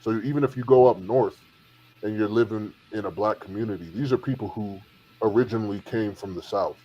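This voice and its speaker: A man's voice: lowish voice, a little fast, slightly rough, lo-fi sound. A man in a casual panel discussion, assertively explaining his view and correcting others.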